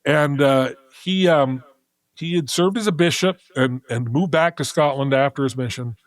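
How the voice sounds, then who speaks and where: A middle-aged man chats as a guest, telling a long story casually and animatedly, stopping and restarting his sentences as he thinks aloud. His voice sits at an ordinary male pitch. The sound is dry and close, with no room echo. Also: moderate pace. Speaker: podcast guest.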